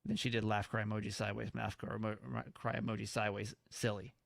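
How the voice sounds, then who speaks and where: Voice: mid-range voice, little pitch movement, fast, creaky, no echo, studio quality. A podcast co-host telling a candid story about dating in casual chat.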